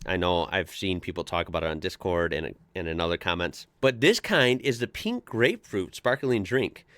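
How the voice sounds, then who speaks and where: A man's voice: sits low, animated, normal speed, a bit bright, dry recording. An American man hosting a casual commentary show, chatty and amused as he reads posts aloud and adds his own asides. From United States. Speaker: host reacting to online posts.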